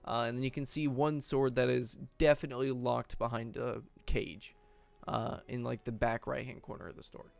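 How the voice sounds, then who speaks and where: A man's voice: mid-range voice, level tone, moderate pace, gravelly. A man narrating as game master of a tabletop game, in a rambling way with many fillers.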